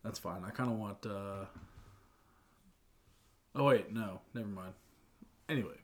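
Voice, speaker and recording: A man co-hosting a casual podcast, arguing his picks in an animated way and sometimes breaking into loud protests. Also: fairly low pitch, measured pace. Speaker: podcast co-host. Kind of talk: casual chat.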